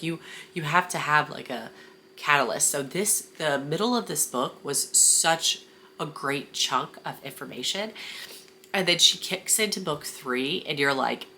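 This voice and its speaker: A woman's voice: low voice, sharp tone, slight background noise. A woman reviewing books in a casual, chatty vlog, gushing and rambling with plenty of fillers. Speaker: book reviewer.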